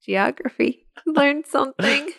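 A woman's voice: high-pitched, expressive, takes it slowly, vocal fry, a bit bright. A woman co-hosting a podcast, chatting casually about a movie with wry quips. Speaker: podcast co-host. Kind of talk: casual chat recapping a movie.

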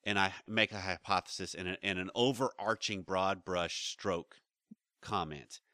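Bright-voiced man rambling on a podcast. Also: deep voice, steady tone, measured pace, no room sound, clean studio sound. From United States. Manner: rambling, restarts and trails off. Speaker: podcast co-host, relationship counselor. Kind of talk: casual chat.

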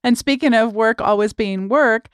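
A middle-aged woman hosting a podcast interview, reading quotes aloud slowly and laughing easily between questions. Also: fairly high pitch, smooth, no room sound, studio quality. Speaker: podcast host. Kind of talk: conversational interview.

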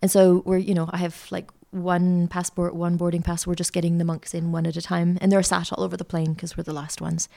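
A middle-aged woman, a podcast guest telling a lively travel story with lots of fillers. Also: lowish voice, a little fast, creaky, few pauses. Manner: chatty, animated anecdote-telling with many fillers. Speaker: interview guest, art school founder. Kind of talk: casual storytelling.

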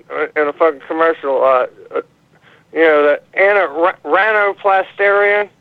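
Rambling profane caller on a tinny phone. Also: male voice, on the high side, fairly even intonation, smooth, dry recording. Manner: rambling, profane, halting with many fillers. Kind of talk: call-in rant. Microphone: phone call.

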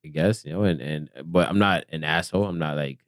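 A man who is a combat veteran, speaking in casual chat with a stutter and halting restarts. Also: rumbling low, dry recording, studio quality. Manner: stuttering, halting, trails off quietly.

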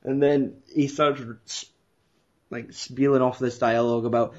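A man's voice: medium pitch, steady tone, moderate pace, darkish tone. A young man rambling, swearing and laughing as he retells a film in casual chat. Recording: dull lo-fi recording.

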